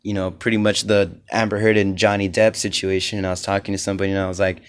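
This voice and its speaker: A man's voice: deep voice, little pitch movement, fast, clear, resonant tone. Rambling young man ranting on a podcast. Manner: rambling, profane, many fillers; grows heated and loud. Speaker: podcast host. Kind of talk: solo podcast rant.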